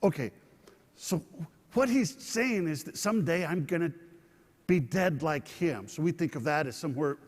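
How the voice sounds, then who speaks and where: A man's voice: fairly high pitch, animated, normal speed. Man preaching in a reverberant hall. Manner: conversational, asks the audience questions. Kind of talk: sermon teaching.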